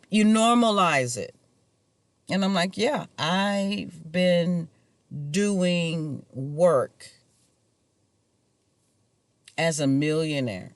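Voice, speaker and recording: A man's voice: on the high side, dry recording. A man talking to camera in a rambling personal monologue, casual and musing, chuckling to himself now and then. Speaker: vlogger.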